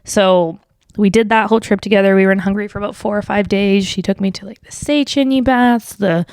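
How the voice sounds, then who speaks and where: A woman's voice: fairly even intonation, a little fast, a little mellow, smooth, no room sound, clean studio sound. A woman in her twenties hosting a solo podcast, telling a personal story in a casual, swear-filled way with lots of fillers, lifting her voice when she quotes people. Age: 20s. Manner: quotes people in livelier, higher voice. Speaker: podcast host.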